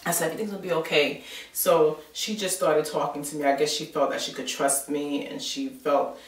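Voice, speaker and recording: A woman's voice: sits low, fairly even intonation, brisk. New lady vlogging, casual rambly chat, kinda far from the mic. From New York. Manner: chatty storyteller, many filler words. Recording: roomy sound from a distant mic.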